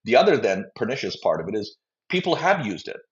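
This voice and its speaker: A man with a low voice speaks as a guest, rambling through long answers and slipping into quoted voices. The sound is dull and lo-fi. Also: big pitch swings, fairly quick. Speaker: biotech company CEO, guest. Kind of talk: conversational interview answer.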